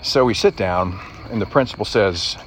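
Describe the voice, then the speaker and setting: A man's voice: fairly low pitch, normal speed, background noise. A middle-aged man telling a personal story in an earnest, reflective way, slightly choked up.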